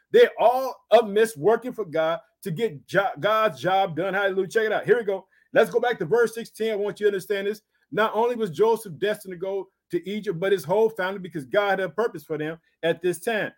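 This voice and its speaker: A man's voice: high-pitched, brisk, few pauses. A man preaching a sermon, reading scripture and repeatedly calling out to his listeners in a fervent, emphatic way. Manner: fervent, repetitive call-outs like "did you hear that"; reads scripture aloud then exhorts, shifting loudness.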